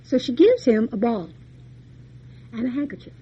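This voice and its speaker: A woman's voice: on the high side, very animated, normal speed, dark tone, muffled recording, a little hiss or hum. A woman lecturer retelling a fairy tale in a folksy, chatty way, full of homey asides. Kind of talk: storytelling lecture.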